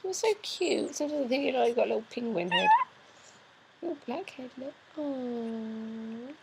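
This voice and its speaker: A woman at home talking baby talk to her pet parrot, with high coos and squeals. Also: sing-song, a little fast, gravelly. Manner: high sing-song coos and squeals at the bird. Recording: noisy home video.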